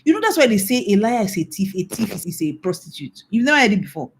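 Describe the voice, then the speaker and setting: A woman's voice: mid-range voice, big pitch swings, quick pace, slight background noise. A middle-aged Nigerian woman pastor giving a mentoring talk, emphatic and scolding, repeating her warnings. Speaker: pastor and infidelity recovery coach.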